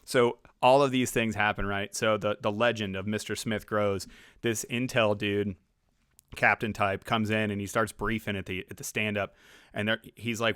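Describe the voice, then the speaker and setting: A man co-hosting a podcast, telling stories in a casual, animated way and often slipping into other people's voices. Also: fairly low pitch, brisk, no echo, studio quality. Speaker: podcast co-host. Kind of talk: casual storytelling chat.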